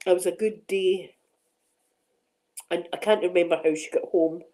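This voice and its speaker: A woman's voice: on the low side, steady tone, normal speed, warm tone, rough recording. A middle-aged Scottish woman hosting a casual chat on her ASMR channel, rambling and laughing often.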